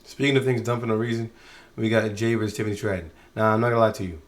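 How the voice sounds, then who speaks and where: A man's voice: on the low side, fairly even intonation, racing. A man giving a casual spoken review of a show, exasperated and rambling, often restarting his sentences.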